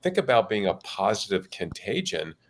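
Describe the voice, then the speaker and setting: A man with a somewhat low voice explains ideas in a casual live panel talk. He speaks as a keynote speaker would, building examples step by step. His energy rises in bursts when he makes a point. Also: big pitch swings, normal speed, slight background noise.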